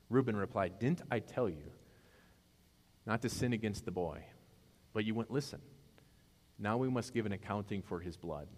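A man preaching a sermon in a conversational way, asking his congregation questions as he retells a story. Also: on the low side. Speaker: pastor. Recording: long hall reverb.

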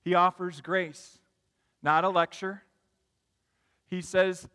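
The pastor, a man with a high, bright voice, takes his sermon slowly and pauses often, with a long reverb trailing off in the large room. Emphatic peaks give way to low, quiet storytelling.

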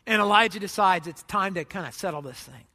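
A man preaching a sermon, retelling a story with lively, acted-out quotes and sarcastic asides. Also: high voice, fairly quick, big-room sound. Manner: animated storytelling, acts out voices. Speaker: pastor.

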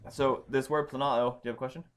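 A man's voice: mid-range voice, fairly even intonation, fast. A man leading a casual Bible study, explaining Greek grammar with emphasis and frequent ums. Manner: informal, stresses key words, many ums and restarts.

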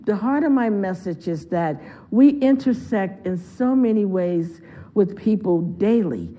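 Woman telling a story in a sermon, warm mellow tone, kinda muffled recording. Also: medium pitch, expressive, measured pace. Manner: earnest, heartfelt, conversational. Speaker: guest speaker. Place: church.

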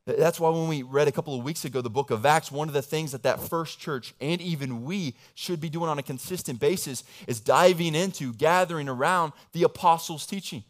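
A young male pastor delivers a sermon with a slightly high voice. He talks casually and with animation. He rises to loud, eager emphasis, then drops to low, quiet asides.

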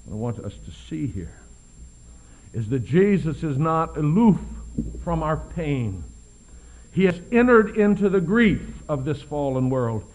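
In a lo-fi recording, a male preacher swings between quiet, hushed passages and loud, forceful highs, drawing out important words for emphasis.

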